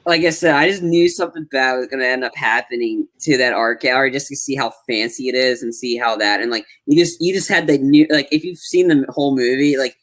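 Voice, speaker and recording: Male co-host, middle pitch, rambling chatty recap full of "like". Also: fairly quick, few pauses, fairly bright tone. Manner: loose, rambling, filler-heavy talk. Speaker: podcast co-host. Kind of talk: casual movie review chat.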